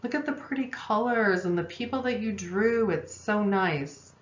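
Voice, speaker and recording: A woman's voice: mid-range voice, normal speed, voice pushed up, lightly acted. A woman doing a gushing, overpraising mom. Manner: chirpy, reassuring, overpraising. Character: overly consoling adult mother, gushing and upbeat. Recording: echoey room, dull lo-fi sound.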